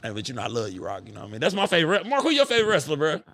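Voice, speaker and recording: A man hosting a podcast, telling stories in an animated, profane way. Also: a little high, rapid-fire. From United States. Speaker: podcast host. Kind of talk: casual podcast chat.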